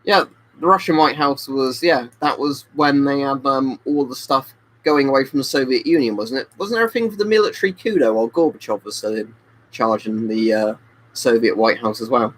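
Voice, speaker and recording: A man's voice: mid-range voice, moderate pace, rough recording. A man chatting on a live webcam stream, tipsy from drinking, rambling and reading out viewer comments. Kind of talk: casual live-stream chat. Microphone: webcam mic.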